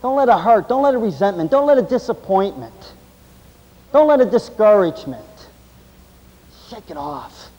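High-pitched guy preaching a sermon, goes loud then quiet, big echoey church sound. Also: very animated, moderate pace, long pauses, lo-fi sound. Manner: swings between loud intense preaching and low quiet delivery. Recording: long hall reverb.

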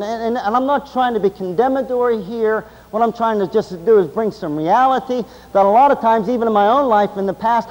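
A man preaching a sermon, swinging between loud, intense passages and low, quiet stretches. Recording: long hall reverb.

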